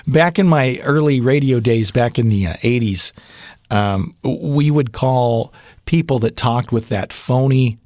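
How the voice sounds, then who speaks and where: A man's voice: mid-range voice, darkish tone, dry recording, studio quality. A middle-aged man coaching voiceover beginners in a casual, genuine tutorial, talking conversationally with fillers and restarts. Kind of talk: casual tutorial talk to camera.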